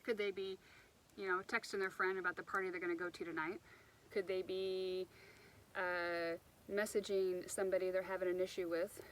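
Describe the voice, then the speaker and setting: A woman's voice: lowish voice, level tone, moderate pace, slight background noise, poor audio. A woman giving an unscripted motivational talk outdoors by the water, rambling a little and restarting her sentences as she goes. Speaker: self-help speaker.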